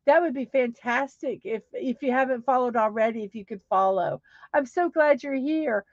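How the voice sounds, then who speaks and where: A woman hosts a casual livestream, chatting upbeat and reading comments aloud. Her voice sits fairly high and she talks slowly. The sound is dry and a bit dull and lo-fi. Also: fairly bright tone, no echo. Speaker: livestream host.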